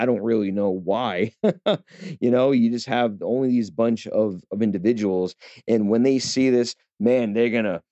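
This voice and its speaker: Low, mellow-voiced man reviewing a film. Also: no room sound. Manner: chatty, with fillers and restarts. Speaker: movie reviewer. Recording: dull, lo-fi dry recording.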